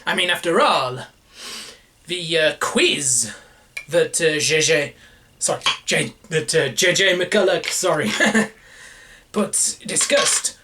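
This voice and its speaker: Slow, halting man chatting. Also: on the high side, animated, bright, forceful tone, slight background noise. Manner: slow and halting, many fillers, chuckles often. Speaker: vlogger. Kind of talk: casual chat to camera over lunch. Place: home.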